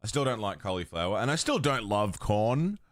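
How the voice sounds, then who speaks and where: A man's voice: on the low side, sing-song, moderate pace, no room sound, clean studio sound. A man hosting a livestream, chatting casually with his viewers, swearing freely and laughing often. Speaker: livestream host. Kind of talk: casual chat with stream chat.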